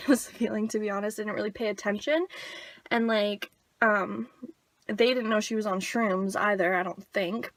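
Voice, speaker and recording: A young woman tells a story to her camera in a loose, chatty way, with plenty of "like" and laughter. Her voice sits a bit high. The sound is close and dry, with no room around it. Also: fairly bright tone, no room sound. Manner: chatty, lots of "like", laughs while telling. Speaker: vlogger. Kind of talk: casual storytime vlog.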